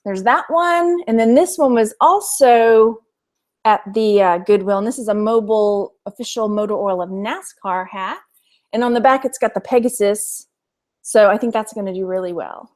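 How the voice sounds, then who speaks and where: A woman's voice: on the high side, darkish tone. Chatty Texas woman hosting a live stream. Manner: chatty, laughs often. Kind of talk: casual live-stream chat.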